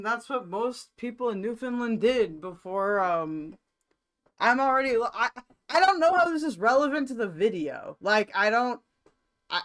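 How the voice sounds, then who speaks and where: A woman's voice: on the high side, a bit bright. A woman hosting a reaction video, rambling and exclaiming in bemused commentary.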